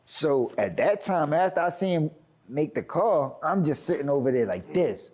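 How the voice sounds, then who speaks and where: A man with a Philadelphia accent telling a profane, animated story, acting out quotes with big swings in pitch and filling his talk with "like". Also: a little slow, pauses often. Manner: profane slang, frequent "like". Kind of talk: animated anecdote.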